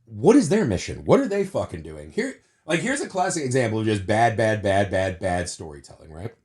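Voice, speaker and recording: Animated, swearing male podcast host. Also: on the low side, brisk. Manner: animated, profane ranting. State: sore from surgery wounds. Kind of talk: casual movie review chat.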